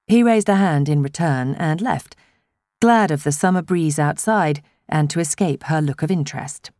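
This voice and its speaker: A woman narrating a novel as an audiobook, telling the story in an expressive, measured way. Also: low voice, no room sound, clean studio sound. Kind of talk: scripted narration.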